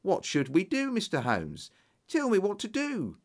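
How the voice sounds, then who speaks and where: A man voicing a flustered, anxious young male clerk in a storybook reading, pleading and excitable. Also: measured pace, full character voice. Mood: alarmed. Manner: excitable, pleading, rising pitch.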